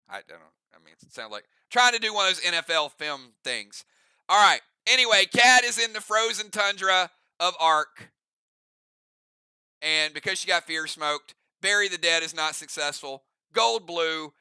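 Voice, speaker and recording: High, bright-voiced male game master. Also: expressive, normal speed, smooth, no room sound. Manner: casual, chatty, rambling asides. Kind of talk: narrating an online role-play game.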